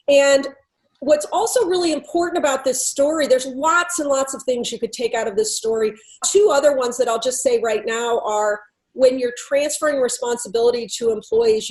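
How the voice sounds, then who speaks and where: Female consultant, high register, conversational storyteller who re-enacts dialogue and leans on Socratic questions. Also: a little mellow, rough recording. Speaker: workplace culture consultant. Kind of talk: storytelling talk to a business audience.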